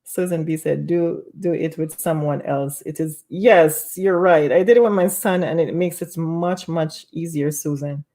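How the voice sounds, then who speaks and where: A woman's voice: low voice, fairly even intonation, measured pace, few pauses, warm tone. A woman hosting a casual live stream from home, reading viewer comments aloud and laughing often. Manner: laughs often, bubbly and chatty.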